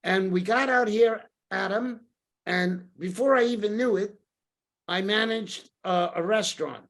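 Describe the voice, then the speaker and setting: A man's voice: high-pitched, a little slow, vocal fry. Older New man telling stories. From New York. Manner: lively anecdotal storyteller, acts out quoted dialogue. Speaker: podcast guest. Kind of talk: casual storytelling interview.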